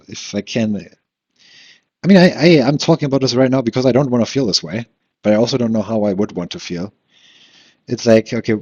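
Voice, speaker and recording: A man with a lowish voice talks alone into a dull, lo-fi microphone, circling his frustrations aloud. He keeps restarting sentences and questioning himself as he goes. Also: darkish tone. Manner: frustrated, rambling, self-questioning with frequent restarts and laughs. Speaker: podcast host. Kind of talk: solo rambling monologue. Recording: dull lo-fi recording.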